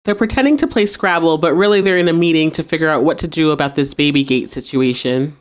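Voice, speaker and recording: A young woman with a slightly low voice talks through a TV episode for her podcast. She keeps things casual and animated. She laughs easily and slips into the characters' lines as she goes. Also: fast talker, clear, resonant tone. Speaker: podcast host recapping a TV episode. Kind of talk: casual recap with acted-out quotes.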